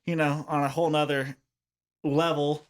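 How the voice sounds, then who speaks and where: A man's voice: on the high side, flat delivery, normal speed. A man talking as a guest on a casual podcast, rambling through stories and swearing with laughter. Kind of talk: casual storytelling chat.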